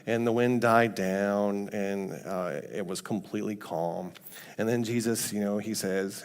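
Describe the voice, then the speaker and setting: A man giving a casual, conversational testimony sermon in a church, slipping into quoted voices with sudden pitch jumps. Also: fairly even intonation, unhurried, clear, resonant tone. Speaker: mission team member speaking at church. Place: church sanctuary.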